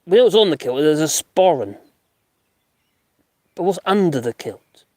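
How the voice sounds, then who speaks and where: A man's voice: a little high, big pitch swings, moderate pace, a little mellow, no echo, clean studio sound. A middle-aged man, hosting a casual live stream, chatting, laughing often and making mocking asides as he reads out comments. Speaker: live-stream host reading chat. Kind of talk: casual chat.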